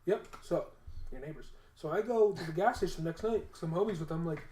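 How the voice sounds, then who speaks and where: A man co-hosting a podcast, telling a story in a casual, animated and profane way. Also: a little high, fairly quick, reverberant, a little hiss or hum. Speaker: podcast co-host.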